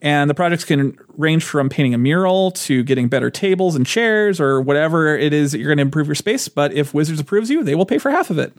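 A man's voice: a little high, expressive, fast, hardly any pauses, no room sound, clean studio sound. Chatty man co-hosting a game podcast. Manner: chatty, laughs often, many restarts. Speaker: podcast co-host. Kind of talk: casual chat about board game news.

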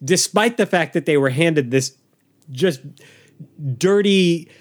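Exasperated high-voiced man ranting. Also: slow. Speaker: podcast co-host. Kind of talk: casual movie-review chat.

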